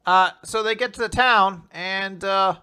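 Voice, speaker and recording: Animated young man recapping manga. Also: high voice, a little slow, clean tone. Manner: animated, laughs often, acts out scenes. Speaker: podcast co-host. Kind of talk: casual manga recap chat.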